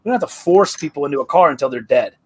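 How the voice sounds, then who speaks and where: Emphatic man with a slightly high voice. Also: animated, very fast, husky. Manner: emphatic, hammering repetition. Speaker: panelist. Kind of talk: casual live panel talk.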